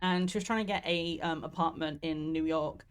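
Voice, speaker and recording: A woman's voice: deep voice, fairly even intonation, moderate pace, clear, resonant tone. A young woman from southeast England with a southeast English accent, rambling and laughing as she streams a game. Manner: chatty, rambling, laughs often, swears casually. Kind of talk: casual gameplay commentary.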